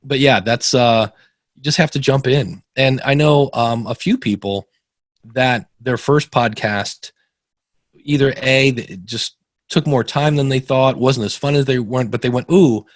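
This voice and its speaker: A man's voice: mid-range voice, a little slow, no room sound, clean studio sound. A middle-aged man guesting on a podcast, telling stories casually and acting out the people he quotes with big jumps in his voice. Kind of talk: casual interview storytelling.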